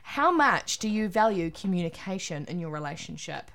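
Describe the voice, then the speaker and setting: A woman's voice: on the low side, sing-song, moderate pace, few pauses, a bit bright. Australian woman co-host, playful and chatty, reads quiz answers with flair. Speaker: podcast co-host reading a quiz. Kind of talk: casual chat.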